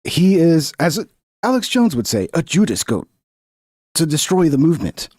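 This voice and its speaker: A man's voice: fairly high pitch, very animated, moderate pace, a little mellow, breathy edge, dry recording, clean studio sound. Fired-up sarcastic man ranting. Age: 30s or older. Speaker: reaction show host. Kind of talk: profane political reaction commentary.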